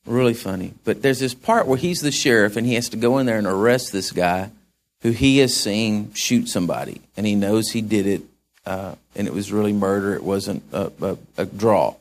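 A man's voice: lowish voice, moderate pace. A man preaching a sermon in a folksy way, with asides to the congregation. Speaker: pastor.

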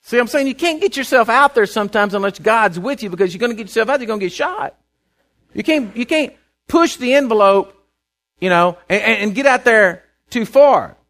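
A Texan man preaching a testimony in a folksy way, his voice sitting a bit high for a man and swinging widely as the story builds. He doubles back on his words often. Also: expressive, brisk, a bit bright. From Texas. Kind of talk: sermon storytelling.

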